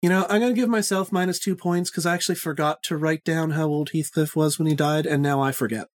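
A woman's voice: deep voice, fairly even intonation, fast talker. A woman hosting a podcast book quiz, playful, handing out points. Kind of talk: casual podcast chat.

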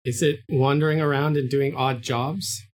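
A man's voice: mid-range voice, fairly even intonation, moderate pace. A man in casual chat, answering quiz questions tentatively and speculating.

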